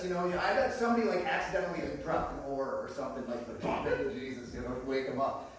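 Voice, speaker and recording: A man giving a sermon in a small church, telling stories and acting out the voices, swinging from quiet to loud. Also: on the high side, fast talker, few pauses. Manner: storytelling, acts out dialogue, swings from quiet to loud. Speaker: guest preacher. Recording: echoey church room, mic at a distance.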